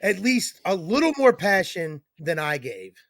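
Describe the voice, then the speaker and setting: A man's voice: sits high, very animated, unhurried, a bit bright, no echo. A man co-hosting a casual wrestling podcast, ranting sarcastically and swearing a lot. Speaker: podcast co-host.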